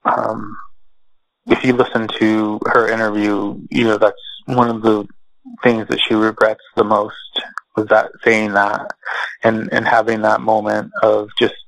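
A man as an interview guest, telling a personal family story in a slow, measured way with many pauses and fillers. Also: fairly low pitch, monotone, creaky, fairly bright tone, no room sound, low-quality recording.

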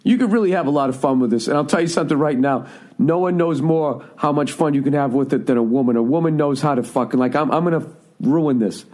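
A middle-aged man hosts a podcast, riffing through a rambling, profane comic monologue and frequently stopping to correct himself. He talks at a quick pace in a fairly high voice with a darkish tone.

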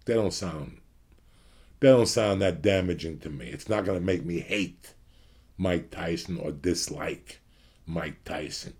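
Gravelly, profane man in his fifties. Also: deep voice, unhurried, a little mellow. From New York area. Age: 50s. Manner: blunt, profane, ranting to the audience. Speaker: podcast host. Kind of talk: profane comedic rant.

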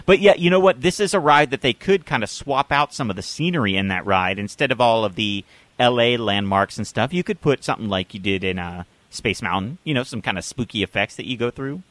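A man's voice: mid-range voice, lively intonation, fairly quick, a bit bright, dry recording. A man co-hosting a casual podcast chat, upbeat and reading out listener ideas between his own thoughts. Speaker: podcast co-host.

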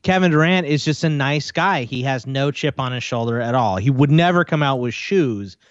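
A man's voice: medium pitch, normal speed, no echo. A man co-hosting casual sports talk who plays along in a playful way. The recording sounds slightly dull and dry. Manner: laughing easily, playful.

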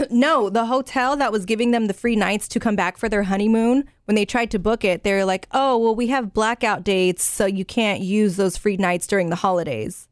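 A woman's voice: medium pitch, normal speed, no room sound. Chatty woman, close dry sound. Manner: chatty, laughs easily. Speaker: podcast co-host. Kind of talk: casual chat.

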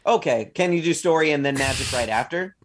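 A man co-hosting a comedy podcast, chiming in with quick, teasing remarks. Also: on the high side, lively intonation, slight background noise. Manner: quick playful interjections and teasing. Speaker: podcast co-host. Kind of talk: casual comedic chat.

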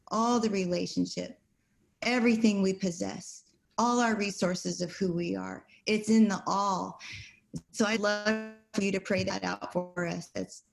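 A woman's voice: medium pitch, gravelly, rough recording. A woman teaching at a Bible study over a video call, emphatic and repeating her key phrases.

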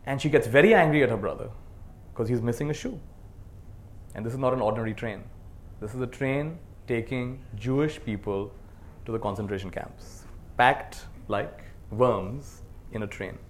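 Speaking at medium pitch and normal speed, a man delivers a dharma talk to a live audience as a meditation teacher, with slight background noise present. His manner is earnest, moving from gentle to forceful, and he guides listeners through call-and-response.

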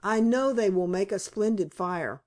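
A woman reading the part of a lively, encouraging pioneer mother in an audiobook. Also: mid-range voice, measured pace, natural voice.

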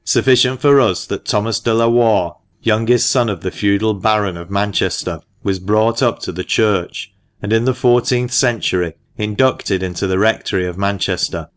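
A man with a lowish voice reading a classic audiobook. His narration is measured and even, delivered steadily.

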